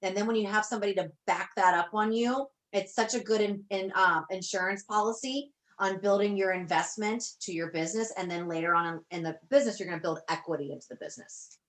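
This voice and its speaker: A woman's voice: mid-range voice, fast talker, hardly any pauses. An effusive woman coach speaking to her team on a motivational call. She gushes, circles back and repeats her points in a chatty way. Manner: effusive, gushing, repeats herself. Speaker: business coach.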